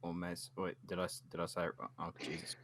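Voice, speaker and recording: A man's voice: low-pitched, completely flat delivery, quick pace, a crowd in the background. A man from New Zealand joining a casual video call, dry and self-mocking. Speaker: guest.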